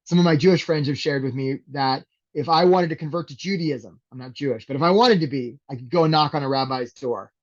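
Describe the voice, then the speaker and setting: Brief: energetic male career coach running a webinar, slightly raised voice, lo-fi sound. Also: on the high side, brisk, few pauses. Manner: energetic, conversational, keeps asking "right?". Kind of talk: live webinar teaching.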